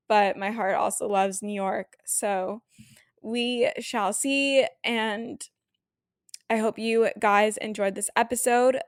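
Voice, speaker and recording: A woman's voice: mid-range voice, no room sound. A young woman from Canada hosting a casual solo podcast, emotional and close to tears, gushing with lots of "like" and "um". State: teary, near crying. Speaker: podcast host.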